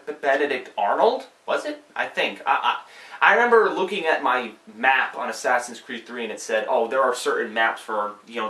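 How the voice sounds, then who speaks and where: A man's voice: medium pitch, fairly bright tone, recorded from a distance. A young man hosting a gaming channel, chatting casually and rambling with fillers, restarts and some swearing. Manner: swears freely when venting. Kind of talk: casual video update. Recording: roomy, set back from the mic.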